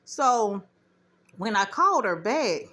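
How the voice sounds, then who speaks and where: A woman vlogger at home doing laundry, telling a story casually to her viewers in an indignant, animated way. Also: mid-range voice, slow pace. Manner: indignant, animated retelling with quoted dialogue.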